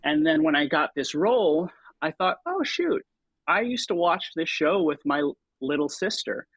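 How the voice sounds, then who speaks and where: Speaking at normal speed in a fairly high voice, a man in his thirties, a stage and TV performer, tells stories in relaxed conversation as an interview guest. He hesitates, piling up fillers and restarts, and turns animated when quoting himself. The recording is dry, highs cut off.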